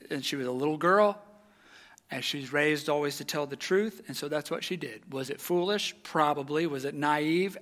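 A man preaching a sermon, telling a story with animated energy and dropping to a hush at the tense moments. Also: on the high side.

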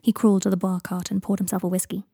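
Woman reader, soft hushed narration, gravelly, dark tone, dry close mic. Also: medium pitch, little pitch movement, quick pace, no room sound. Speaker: audiobook reader. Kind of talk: reading fan fiction aloud.

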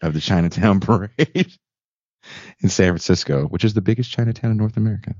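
A man hosting a podcast, chatting casually and telling animated, joking stories. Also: lowish voice, a little fast, dry recording. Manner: animated, laughing, storytelling. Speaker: podcast host. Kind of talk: casual chat. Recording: dull lo-fi sound.

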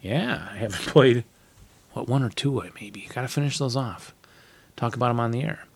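A man's voice: mid-range voice, expressive, moderate pace, creaky, breathy edge. A man co-hosting a podcast, reading listener letters aloud in casual chat and laughing easily. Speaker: podcast co-host.

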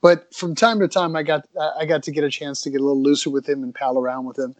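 A man casually telling an anecdote in a relaxed, chatty way. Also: on the high side, fast, no room sound.

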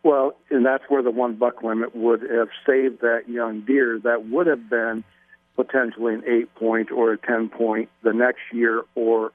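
A man speaks in a folksy, measured way, stopping for ums as he explains. His voice comes through a thin, tinny phone line. The sound is dry and close. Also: mid-range voice, no room sound. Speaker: radio show guest, deer expert. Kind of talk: casual radio interview.

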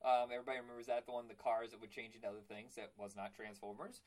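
A man's voice: mid-range voice, little pitch movement, racing, a little mellow, poor audio. A young man hosting a podcast in casual chat, rambling and stumbling over his words. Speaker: podcast host.

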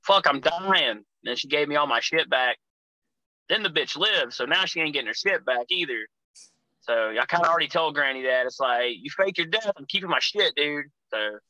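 A young pro wrestler, appearing as a guest, tells rambling road stories in casual chat and swears constantly. His voice is mid-range with a sharp tone, and the recording is dry and low quality.

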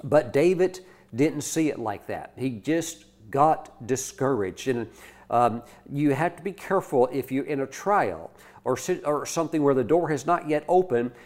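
A male preacher tells a story in a lively, conversational way and keeps restarting his sentences. His voice sits at an ordinary pitch for a man. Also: measured pace. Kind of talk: sermon.

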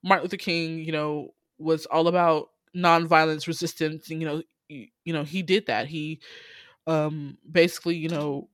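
A man casually recapping a TV series on a podcast, telling the story in lively bursts, acting out the characters' lines and swearing freely, with lots of "you know". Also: fairly high pitch, normal speed, no echo, clean studio sound. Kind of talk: casual chat.

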